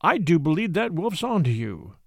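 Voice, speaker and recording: A man's voice: a little high, sing-song, normal speed, vocal fry, no echo, exaggerated voice. A man voicing a dry, wry middle-aged dog musher who needles his companion innocently.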